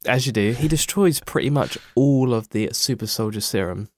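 A man's voice: medium pitch, lively intonation, normal speed, a little mellow. Man host recapping a show plot. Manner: steers the talk, retells scenes. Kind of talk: casual chat.

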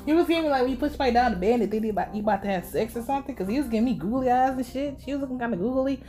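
A woman's voice: fairly high pitch, lively intonation, very fast, dark tone, soft background music. A young woman recapping a show in casual reaction commentary, with heated, profane, rambling rants.

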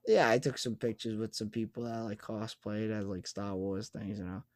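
Excited young man telling a story. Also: on the low side, normal speed, no room sound. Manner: excited storytelling, swears casually. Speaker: podcast co-host. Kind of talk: casual chat.

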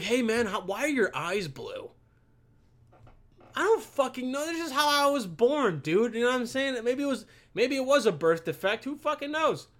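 A young man vents at his computer-mounted camera, his voice sitting high and a bit bright. As a vlogger, he rambles through a profane rant, cursing constantly.

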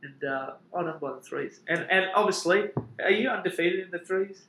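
An Australian man with a high, bright, forceful voice, joking around on a club podcast and reading out sponsor ads. He is recorded in an echoey room. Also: normal speed. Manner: jokey, upbeat. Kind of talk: casual banter. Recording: echoey room with faint hiss.

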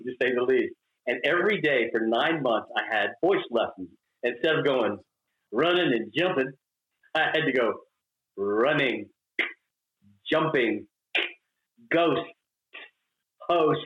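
An older man from Mississippi, a guest telling stories in an interview, laughing often and acting out quotes. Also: a little high. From Mississippi, US South. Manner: animated, laughing, acts out quotes. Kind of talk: storytelling interview chat. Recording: roomy, dull recording.

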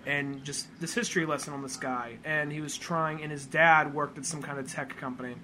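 Casting: male podcast co-host, bright edgy tone, rambling and profane. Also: on the high side, fairly even intonation, a little fast, a little hiss or hum. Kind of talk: casual chat.

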